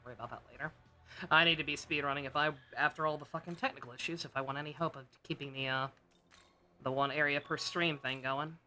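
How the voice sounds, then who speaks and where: A woman streaming a game and chatting casually, sarcastic and quick to swear, with excitable outbursts. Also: low-pitched, soft background music. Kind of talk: casual chat over gameplay.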